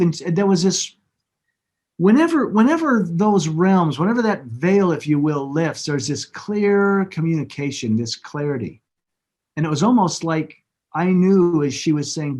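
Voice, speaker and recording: A man as an interview guest, telling a personal story in an earnest, halting way and repeating words when moved, speaking over a video call. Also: a little high, lively intonation, a little mellow.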